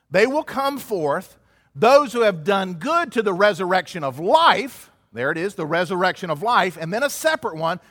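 A man's voice: sits high, fairly bright tone. A man preaching an expository sermon as pastor, earnest and building to emphatic peaks. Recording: hall reverb.

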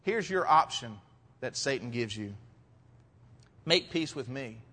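A man's voice: medium pitch, lively intonation, takes it slowly, pushed and bright. A man preaching an expository sermon as pastor, reading verses and rising to emphatic points. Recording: long hall reverb.

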